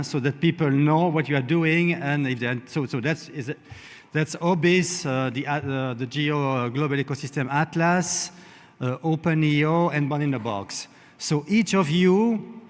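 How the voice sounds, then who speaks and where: A man, an event organizer, giving halting logistics announcements on a conference stage, searching for words as he goes. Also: on the high side. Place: large conference hall. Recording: long hall reverb.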